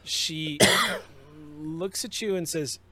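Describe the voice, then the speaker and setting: A man's voice: a little high, steady tone, pushed and bright. Man narrating as game master. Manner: descriptive, unhurried, with small restarts.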